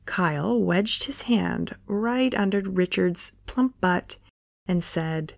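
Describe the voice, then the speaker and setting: A woman reading a playful romance short story in a soft, scripted narration. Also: on the low side, takes it slowly, vocal fry, dry recording.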